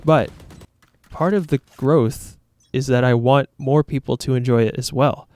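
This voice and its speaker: A man's voice: mid-range voice, steady tone, a little slow, a little mellow. A man talking to his viewers as a YouTuber in a casual, reflective monologue, earnest, rambling and self-critical.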